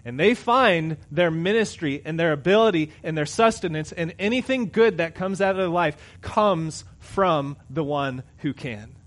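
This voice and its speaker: A middle-aged pastor preaching a sermon, conversational, swinging between loud emphatic lines and quiet asides. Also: male voice, fairly high pitch, lively intonation, moderate pace, hardly any pauses.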